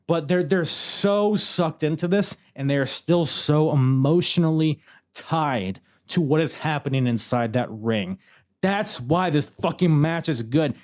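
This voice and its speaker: A man hosting a podcast alone, excitedly recapping a wrestling match move by move and swearing freely. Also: mid-range voice. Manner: excitable, swears freely, calls moves like a commentator. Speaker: podcast host.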